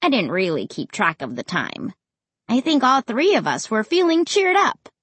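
A woman reading a first-person children's story aloud in an expressive, animated way. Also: on the high side, normal speed, husky, dry recording. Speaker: audiobook reader.

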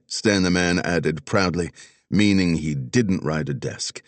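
Deep-voiced male audiobook narrator. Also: slow pace, no room sound. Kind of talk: scripted narration.

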